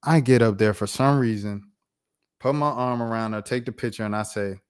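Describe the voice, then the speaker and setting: A man around thirty telling a personal story on his vlog in a casual, slangy, animated way. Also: fairly low pitch, moderate pace, clean tone. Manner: animated, slangy, acts out voices. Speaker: YouTuber.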